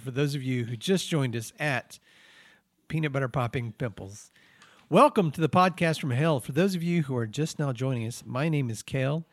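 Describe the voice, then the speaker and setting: A man's voice: medium pitch, moderate pace, no echo, natural voice. A man playing a podcast host damned to hell, talking in a dry, rambling way with chuckling asides.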